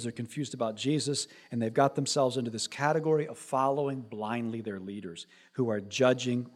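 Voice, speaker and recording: A man preaching a sermon as pastor, reading scripture aloud and building to emphatic, raised passages. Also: medium pitch.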